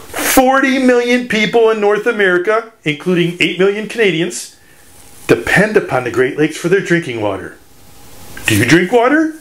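A man's voice: on the high side, fairly bright tone. A man from Michigan, a children's author, giving an educational talk for children in a teacherly, playful way with puns.

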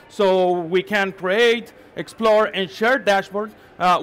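A conference presenter from Mexico, speaking with a Mexican accent, gives a live tech talk in a conference session room. His voice sits high with a fairly bright tone, and he speaks haltingly, restarting words and repeatedly checking in with the audience.

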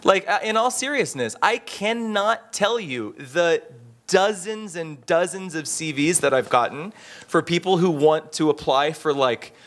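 A man speaking on a conference panel in a casual, animated way, with frequent restarts and fillers. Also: a little high.

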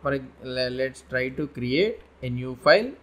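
A man's voice: medium pitch, expressive, moderate pace. A man giving a coding tutorial, explaining in an informal, meandering way with frequent restarts and repetitions. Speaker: web development instructor. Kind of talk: coding tutorial, screen-share lesson.

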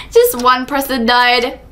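A woman giving chatty, excitable live commentary while playing a video game, full of quick exclamations. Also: high voice, noisy background. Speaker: gaming channel host.

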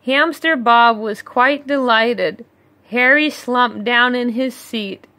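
Woman reading a rhyming storybook slowly. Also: a little high, pushed and bright, no room sound. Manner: slow, measured reading with chuckling asides. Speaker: read-along storyteller. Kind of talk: reading a rhyming picture book aloud with asides.

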